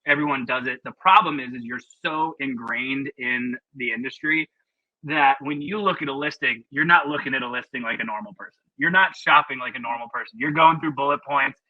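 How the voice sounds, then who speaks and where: A man's voice: mid-range voice, fairly quick, dry recording, phone-quality sound. A man presenting a webinar in a casual, chatty, opinionated way with plenty of fillers, over a video call.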